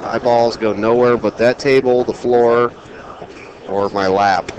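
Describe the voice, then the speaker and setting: A man's voice: mid-range voice, fairly even intonation, a little slow, highs cut off, crowd noise. A man co-hosting a pool stream, playful and jokey, reading viewer comments aloud between shots. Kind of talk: joking live pool commentary.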